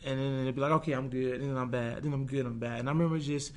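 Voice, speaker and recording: A man's voice: mid-range voice, fairly even intonation, quick pace. A young man, a guest in an interview, talking earnestly and reflectively about a hard stretch of his career, with many restarts and quoted inner thoughts. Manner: acts out his own past thoughts in quoted asides. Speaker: guest, pro football player. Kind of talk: candid conversational interview.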